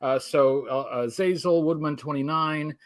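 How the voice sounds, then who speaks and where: Halting man, slightly high voice. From United States. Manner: halting, self-deprecating. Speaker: guest. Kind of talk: casual livestream chat.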